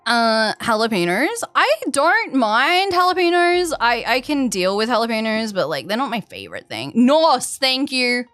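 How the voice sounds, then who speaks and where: A woman's voice: on the high side, sing-song, normal speed, hardly any pauses, a bit bright, clear, resonant tone, no room sound, soft background music. A young Australian woman streaming a game, chatting in a rambling way and answering her chat over a headset mic. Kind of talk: casual chat while gaming.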